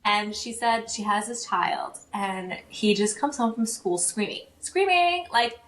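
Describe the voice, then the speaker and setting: A woman guest on a podcast interview, telling stories in a lively way, acting out what people said and using lots of "like". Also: medium pitch, a little slow, echoey room, slight background noise. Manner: animated storyteller who acts out quotes, many fillers. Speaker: guest, parenting approach practitioner.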